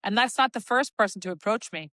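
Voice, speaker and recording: Bright-voiced woman, animated storyteller. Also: medium pitch, fast, no room sound. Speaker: podcast co-host. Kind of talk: casual chat.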